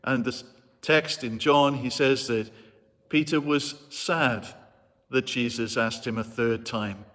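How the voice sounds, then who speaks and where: A man's voice: medium pitch, steady tone, slow pace, a bit bright. A man preaching a sermon as a vicar, retelling a story in an earnest, reflective way. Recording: long hall reverb.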